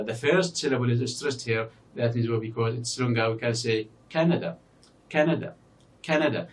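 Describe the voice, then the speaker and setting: A man's voice: medium pitch, recorded from a distance. Man lecturing off-mic, lots of uh. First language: Arabic. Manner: explaining slowly, many fillers, repeats example words. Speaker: university English lecturer. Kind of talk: recorded distance-learning lecture.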